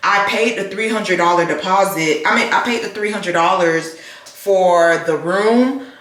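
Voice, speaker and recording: A woman vlogging casually to her phone camera, animated and chatty, calling her viewers "baby" and "child.". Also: on the low side, unhurried, dry recording.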